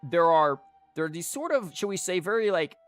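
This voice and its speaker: A man's voice: sits high, animated, a little fast, fairly bright tone, smooth. Rambling casual male streamer. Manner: rambling, filler-heavy, full of "like" and restarts. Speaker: streamer and teacher. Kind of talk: casual live-stream chat while theorycrafting. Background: faint music.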